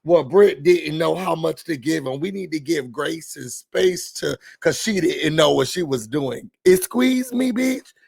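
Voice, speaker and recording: A man hosting a reality TV recap, ranting in an animated, sassy, blunt way. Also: fairly high pitch, unhurried, gravelly, husky.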